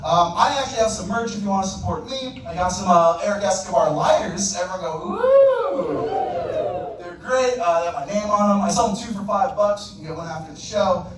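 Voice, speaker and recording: A high-voiced male comedian tears through a stand-up set fast, with hardly any pauses, doing crowd work and landing loud punchlines. Captured on a distant mic in an echoey comedy club, the set comes with plenty of audience noise.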